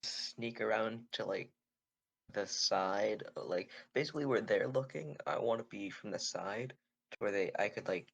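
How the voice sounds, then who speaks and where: A man's voice: fairly low pitch, unhurried, creaky. A man playing in a casual tabletop game, talking hesitantly with many fillers. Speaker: player.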